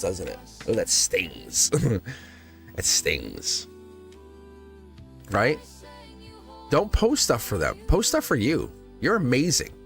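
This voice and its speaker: Guy doing live tarot, laughs a lot, big swoopy voice, little music in the back. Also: medium pitch. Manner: animated, teasing, laughs often, acts out quotes. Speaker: tarot reader. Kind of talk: live-stream tarot reading.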